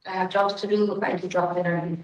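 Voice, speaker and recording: A woman answers in flat, insistent little statements, leaning on a put-on Russian accent. her level, mid-pitched voice comes off an echoey interview room recording, and she keeps circling back to the same lines. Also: a little fast, muffled recording.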